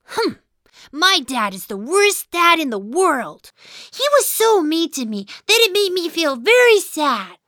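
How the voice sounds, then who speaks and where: A woman's voice: very high-pitched, big pitch swings, a little slow, bright, forceful tone, dry recording, studio quality, heavily acted. A woman voicing an unhappy little boy mouse who narrates his own storybook, grumbling and sighing about his dad. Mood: sulky. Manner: sulky, sighing, then giddy. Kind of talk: first-person storybook narration.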